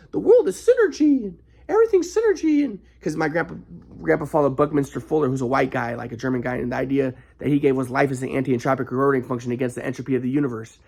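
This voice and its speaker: Gravelly man rambling in a monologue. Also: medium pitch. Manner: rambling, halting, frequent restarts; flares into anger. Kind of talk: casual monologue vlog.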